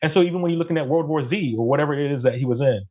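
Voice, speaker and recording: A man's voice: a little high, rapid-fire. A man from Jamaica, a photographer guesting on a podcast, talking animatedly in casual chat and often checking in with "right?". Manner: animated, tags statements with "right?".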